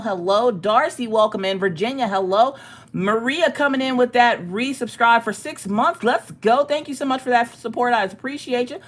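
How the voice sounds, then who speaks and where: A woman's voice: on the high side, normal speed. A woman hosting a casual livestream, greeting viewers by name and chatting loosely. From United States. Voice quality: ticklish cough in throat. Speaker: livestream host. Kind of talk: casual live-stream chat.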